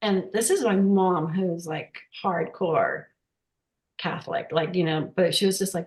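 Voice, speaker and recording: Halting, heartfelt woman in an echoey room. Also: fairly low pitch, darkish tone. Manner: emotional, halting, many restarts. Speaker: workshop participant sharing a story. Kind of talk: casual testimonial. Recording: roomy echo.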